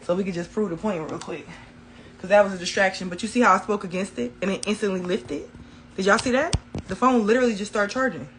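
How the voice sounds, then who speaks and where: A woman's voice: medium pitch, quick pace, slight background noise, low-quality recording. Emphatic woman giving a casual spiritual talk. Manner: emphatic, repeats key phrases for effect; casual colloquial speech, addresses viewers as y'all. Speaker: spiritual reader.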